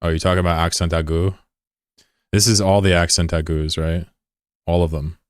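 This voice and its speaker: A man's voice: low voice, flat delivery, normal speed, smooth, dry recording, studio quality. A man streaming a game and chatting casually with viewers, rambling and curious, with plenty of fillers and swearing. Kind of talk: casual chat with viewers while gaming.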